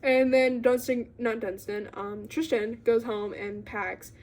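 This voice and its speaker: A young woman with a slightly high voice recaps a book in a loose, rambling way. She fills her talk with fillers and little giggly asides, chatting casually to her viewers. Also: fairly even intonation, measured pace, a little mellow. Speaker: book vlogger.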